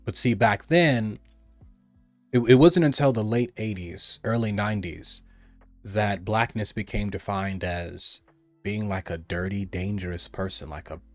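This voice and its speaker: A man from the United States talks in a forceful, repetitive monologue and hammers his points home. His voice sits on the low side. The recording is dry and close, with faint music underneath. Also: measured pace, dry recording. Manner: emphatic and repetitive, mimics others in a raised voice. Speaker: commentator. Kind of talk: personal opinion monologue.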